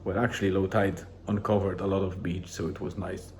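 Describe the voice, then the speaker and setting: Low, dark-voiced man rambling casually. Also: fairly quick, slight background noise. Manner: rambling, relaxed, with many restarts and fillers. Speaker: vlogger. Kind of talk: casual daily journal vlog.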